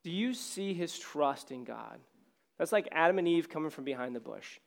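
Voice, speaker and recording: A man's voice: fairly high pitch, expressive, normal speed, vocal fry. Pastor losing his voice, casual sermon. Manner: casual, self-deprecating, conversational preaching with many fillers. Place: on stage.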